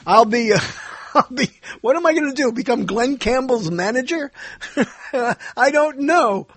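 Rambling, lively man with a husky voice. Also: very high-pitched, measured pace, dry recording. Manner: digressive, self-correcting, chuckles often. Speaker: podcast host. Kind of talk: rambling solo monologue.

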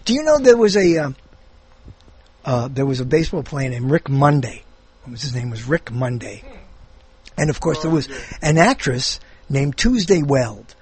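A man's voice: mid-range voice, big pitch swings, normal speed, darkish tone. A man hosting a show in casual comedic chat, rambling and jokey, now and then slipping into silly voices. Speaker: show host.

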